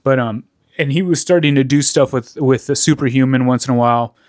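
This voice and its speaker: Male podcast co-host; loose, rambling, profane delivery, mid pitch. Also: fairly quick, a little mellow, no room sound, clean studio sound. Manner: rambling, swears a lot, many fillers. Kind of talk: casual chat.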